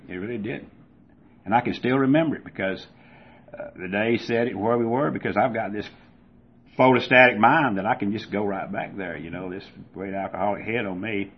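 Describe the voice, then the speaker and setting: A man's voice: fairly low pitch, breathy edge. An older man with a Southern US accent, from Georgia, gives a personal testimony at a recovery meeting, telling a folksy story and acting out the voices in it. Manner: folksy storyteller who acts out voices loudly. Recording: dull lo-fi recording.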